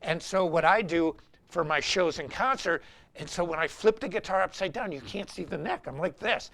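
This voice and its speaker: Gravelly, bright-voiced guitar teacher. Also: male voice, high voice, moderate pace. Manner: animated, rambling, anecdotal. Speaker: guitar teacher and show host. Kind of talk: live-streamed guitar lesson.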